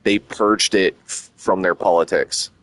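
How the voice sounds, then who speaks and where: A low-pitched man chats casually on a stream. He rambles and swears freely, his talk running hot with excitement. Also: unhurried, no room sound. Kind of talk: casual chat.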